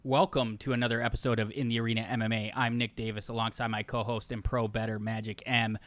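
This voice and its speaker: A man's voice: medium pitch, little pitch movement, quick pace, a bit bright, dry recording. A man hosting a sports betting podcast in casual chat, laughing often and joking around. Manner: laughs often, jokey impressions. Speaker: podcast host.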